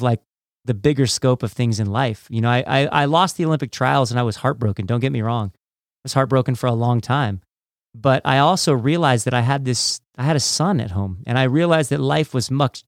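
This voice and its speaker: A man's voice: mid-range voice, dry recording, studio quality. A man, a former judo athlete, hosting an interview in a casual way with many fillers. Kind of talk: podcast interview.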